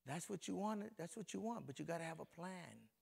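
A middle-aged pastor from Compton, California, preaches briskly and with animation, his voice on the high side, a little mellow, with vocal fry and a breathy edge. He speaks conversationally and directly to congregation members.

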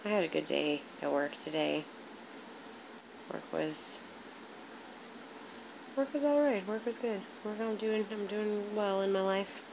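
A young woman chatting on a home vlog, rambling and animated, with a congested throat. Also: mid-range voice, a little slow, vocal fry, pauses often, background noise. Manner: rambling, animated storytelling with lots of "like". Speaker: vlogger. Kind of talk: casual vlog chat.

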